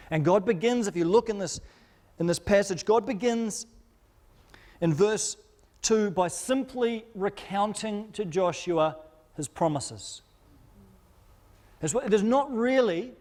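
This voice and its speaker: A man's voice: high-pitched, darkish tone. A man preaching a sermon as pastor, in a conversational, informal way with frequent repeated words. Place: church auditorium.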